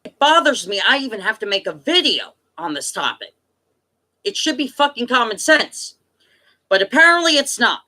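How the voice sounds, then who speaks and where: Exasperated woman ranting, bright voice. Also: on the high side, very animated, moderate pace. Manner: exasperated, emphatic, swears often. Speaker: political vlogger. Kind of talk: ranting to camera.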